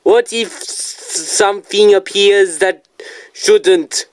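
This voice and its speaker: A video reviewer doing a deliberately poor Japanese-accented impression of a male game designer, speaking slowly with halting pauses. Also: medium pitch, dry recording, natural voice. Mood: mysterious. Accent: Japanese, put on badly. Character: Japanese game designer, man, gentle and mysterious.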